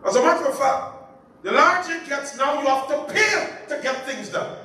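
A pastor leading a Bible study, lively and joking, asking the congregation to finish his phrases. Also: extremely high pitch, moderate pace. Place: church. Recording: echoey church room, far from mic, faint hiss.

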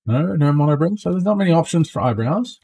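An adult man streams himself playing a space game, joking casually in a fairly high, animated voice that's fast, creaky, warm and slightly rough. He often finishes his lines with a questioning "eh?"

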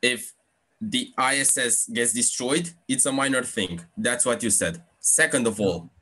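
A man's voice: medium pitch, a little slow, bright, forceful tone, slightly rough. A young man, a student debater, arguing his point insistently in a live rebuttal on a video call. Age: teenager or young adult. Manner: insistent, argumentative. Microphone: computer mic on a video call.

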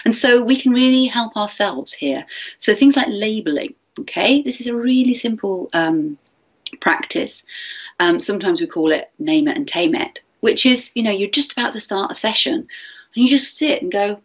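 Husky-voiced woman giving a teacher training. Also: medium pitch, lively intonation, moderate pace, highs cut off. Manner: gentle, chatty, many fillers and restarts. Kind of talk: webinar talk to teachers.

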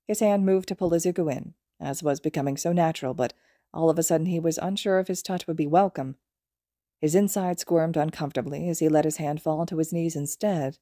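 A woman narrating fan fiction as an audiobook, in a calm, even storytelling manner. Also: fairly low pitch, fairly quick, no echo, clean studio sound. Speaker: podfic reader.

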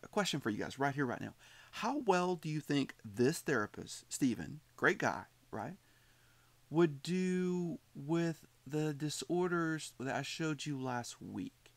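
A male instructor lecturing on psychology with a gravelly, creaky edge to his voice. He talks in a loose, conversational way, repeating points and quizzing his students. The sound is dry and close, with no room echo. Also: fairly high pitch, big pitch swings, measured pace. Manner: conversational, repeats himself, asks students questions. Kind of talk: recorded lecture commentary.

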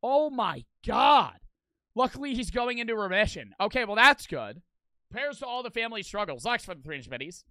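Young man, casual stream commentary, high bright voice, dry close sound, profane, blunt. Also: big pitch swings, moderate pace, no echo. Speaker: streamer reacting to a video.

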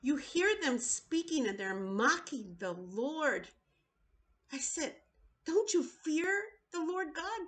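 A woman preaching in a video sermon, urgent and pleading, often repeating her words. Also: sits high.

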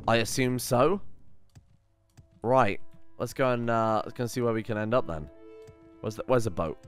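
A man chats his way through a video game, muttering to himself and cursing cheerfully. His voice is mid-pitched, with faint game music in the background. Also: moderate pace. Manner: chatty, swearing, thinking aloud. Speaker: let's play host. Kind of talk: casual gameplay commentary.

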